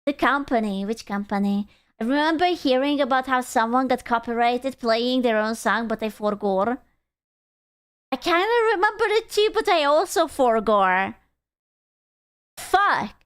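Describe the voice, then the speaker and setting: Young female streamer, high smooth voice, unhurried, playful and bawdy. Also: expressive, no room sound, clean studio sound. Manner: playful, giggly, loose and crude. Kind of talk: casual stream chat reading chat.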